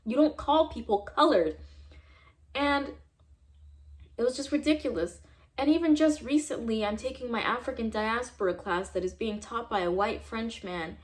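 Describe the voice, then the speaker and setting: A woman's voice: fairly high pitch, normal speed. Young American woman, 20s, San Diego; furious, profane storytime vlogger. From San Diego, United States. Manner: angry, profane, emphatic ranting. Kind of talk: heated personal storytime vlog.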